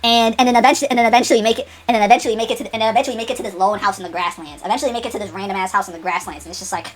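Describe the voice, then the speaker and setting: A woman streamer spins a long, unscripted tale at breakneck speed, her voice a little raspy and breathy. She stacks restart on restart and chains endless "and then"s as she goes. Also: medium pitch. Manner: rapid, full of restarts and repeated "and then". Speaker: streamer telling a story. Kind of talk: rambling unscripted storytelling.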